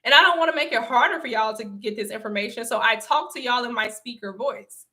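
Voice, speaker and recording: Woman, young adult, fairly high voice, bright tone, casual livestream chat, laughs often. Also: quick pace. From Southern United States. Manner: chatty, laughs often, emphatic repetition. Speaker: livestream host and speaker. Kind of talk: casual livestream talk to viewers.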